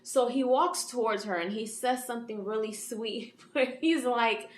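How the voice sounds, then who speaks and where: A woman's voice: fairly high pitch, unhurried. A woman giving a casual episode recap as an anime reviewer, retelling scenes in a chatty way full of fillers. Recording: echoey room.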